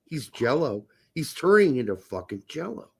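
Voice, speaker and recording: Dude cohosting soccer pod, swears a ton, voice jumps all over. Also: male voice, on the high side, moderate pace, gravelly, slightly rough. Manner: animated, swearing, jokey. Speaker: podcast co-host. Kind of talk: casual sports chat.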